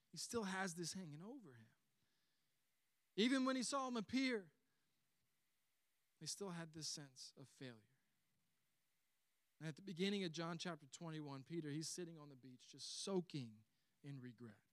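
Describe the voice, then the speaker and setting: Southern male pastor, high voice, dry close sound, animated storyteller. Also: no room sound. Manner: animated storytelling, acts out quoted lines. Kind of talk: sermon.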